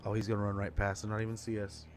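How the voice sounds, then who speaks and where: A man's voice: on the low side, completely flat delivery, rapid-fire, a little mellow, a little hiss or hum. A man streaming a strategy game, giving casual commentary and rambling through a story with lots of fillers.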